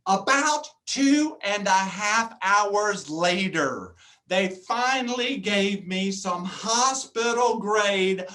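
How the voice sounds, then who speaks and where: A man's voice: sits high, bright, forceful tone. A man giving a humorous story-driven talk to a live audience at a luncheon, acting out both sides of conversations and asking the room questions. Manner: comic, acts out dialogue, addresses audience. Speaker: luncheon speaker. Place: meeting before a live audience.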